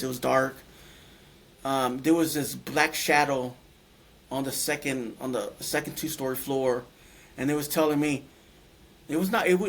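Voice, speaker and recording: A man recounting a personal experience as a guest, speaking in halting phrases and searching for words. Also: a little high. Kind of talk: personal storytelling.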